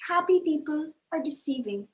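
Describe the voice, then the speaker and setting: A woman's voice: high-pitched, lively intonation, moderate pace, reverberant. A woman improvising a comedy scene, defensive and indignant, insisting she is good and loving. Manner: defensive, indignant, talks up her own goodness. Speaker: improv performer.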